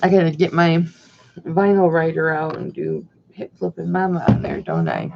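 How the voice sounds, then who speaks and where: A middle-aged woman with a deep, creaky voice hosts a casual livestream, reading comments from viewers. She's very animated at a moderate pace, with background noise in a dull, lo-fi recording.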